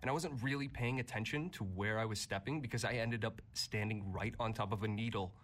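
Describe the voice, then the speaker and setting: A man's voice: fairly low pitch, fairly bright tone, slight background noise. Laid-back male radio show host. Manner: laid-back, chatty, quick to laugh. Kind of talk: casual chat.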